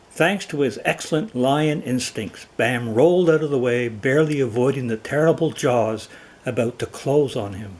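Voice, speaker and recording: A man telling a children's animal folktale in a slow, expressive storytelling manner. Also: medium pitch.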